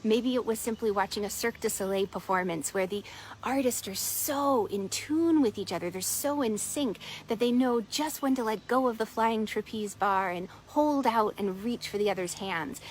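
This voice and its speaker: A woman coach telling a parable and guiding listeners through a centering exercise at an unhurried storytelling pace. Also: mid-range voice, slight background noise, low-quality recording. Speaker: productivity and meditation coach. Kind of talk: storytelling talk on mindfulness.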